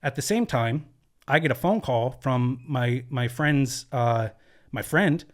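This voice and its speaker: A man's voice: mid-range voice, lively intonation, slow. A man as a podcast guest in a studio, telling a personal story earnestly, with many fillers and restarts. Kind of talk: candid conversational storytelling.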